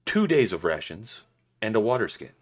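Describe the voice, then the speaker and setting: A young man with a low voice, reading out game equipment plainly. He slips in dry jokes between the lists. His manner is easygoing and unhurried. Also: very animated, slightly rough. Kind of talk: casual chat.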